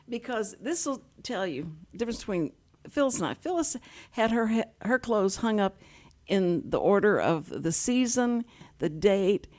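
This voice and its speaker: A middle-aged woman, a sign language interpreter, telling stories in casual chat and acting out quoted voices with laughter. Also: mid-range voice. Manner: animated, acts out quotes with laughter.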